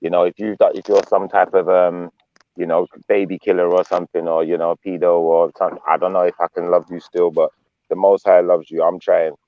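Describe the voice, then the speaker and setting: A man's voice: low voice, flat delivery, fairly quick, no room sound, narrow, tinny audio. A man hosting a live panel stream, chatty and joking, drifting into talk about the Bible. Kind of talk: casual panel chat.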